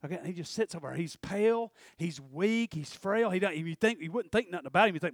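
A man's voice: sits high, expressive, quick pace, few pauses, no echo, studio quality. A man preaching a sermon, folksy and fiery, often calling out "Amen?" to the congregation.

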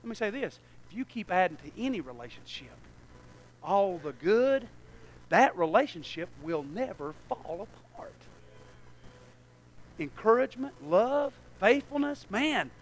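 A pastor delivers a sermon to his church in a strikingly high, bright voice. He swings between hushed, low asides and near shouting, calling out to the congregation as he goes. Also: big pitch swings, measured pace, long pauses.

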